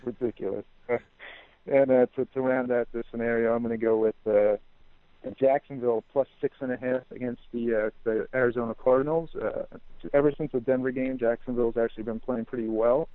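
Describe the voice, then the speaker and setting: A man calling in to a sports podcast, talking through his picks in a relaxed, hesitant way. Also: medium pitch, a little fast, no room sound. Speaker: caller making sports picks. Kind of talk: casual sports talk. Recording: tinny dry phone line.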